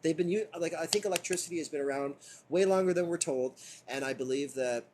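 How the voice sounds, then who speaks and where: Guy doing a loose live book reading, kinda high voice, swears a lot and keeps going off on tangents. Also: fast, noisy background. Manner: rambling, profane, laughs often. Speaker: streamer reading a book aloud. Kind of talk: casual live reading with commentary.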